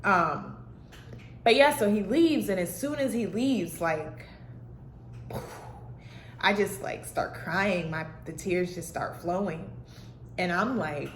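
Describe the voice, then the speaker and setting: A woman vlogs alone at home, speaking candidly and heartfeltly in a loose, rambling way full of fillers. Her voice sits a little low. The room echoes around her over a faint background hiss. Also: expressive, slow pace. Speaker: vlogger on healing and mental health. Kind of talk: casual heartfelt vlog talk. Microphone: self-recorded camera.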